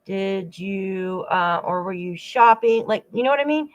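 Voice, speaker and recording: A woman's voice: mid-range voice, lively intonation, measured pace, rough recording. A woman hosting a true-crime channel, giving rambling casual commentary with frequent asides to her viewers. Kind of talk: casual commentary over clips.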